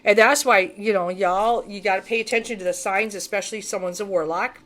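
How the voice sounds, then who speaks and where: A woman's voice: medium pitch, a little fast. Blunt, profane woman spiritual reader. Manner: blunt, profane, emphatic and animated. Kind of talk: casual monologue to camera.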